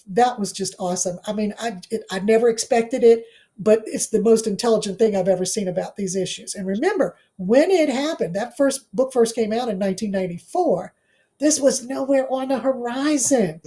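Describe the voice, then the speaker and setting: A middle-aged woman, a professor, shares her life story as an interview guest. Her voice sits a little high but has a mellow, relaxed warmth. She talks earnestly and repeats key phrases to drive a point home. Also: normal speed. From Washington, D.C. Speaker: guest, law professor and author.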